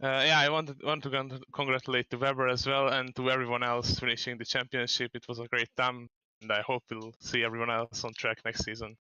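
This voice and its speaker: Guy, clear voice, halting answers, dry muffled voice chat. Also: medium pitch, little pitch movement, sharp tone, no echo. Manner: halting, slightly formal phrasing. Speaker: guest racing driver. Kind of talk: interview answers.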